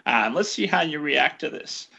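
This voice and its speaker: A man hosting an interview, chatty and halting, with many fillers as he asks questions. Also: on the high side, animated, gravelly, sharp tone, dull audio. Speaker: podcast host interviewer. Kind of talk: interview conversation.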